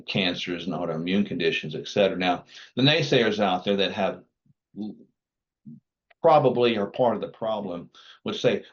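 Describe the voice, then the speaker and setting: A man's voice: deep voice, lo-fi sound. A man speaking as a guest on a podcast, a physician who lays out his points in firm, teaching declarations. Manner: emphatic, didactic, firm declarations. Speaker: physician and wellness clinic founder.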